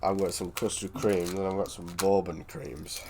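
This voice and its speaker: A British man chatting casually with a friend, telling an animated story, swearing freely and often restarting his sentences. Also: low-pitched, moderate pace, vocal fry, noisy background. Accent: British English. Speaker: streamer. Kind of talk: casual chat on a voice call.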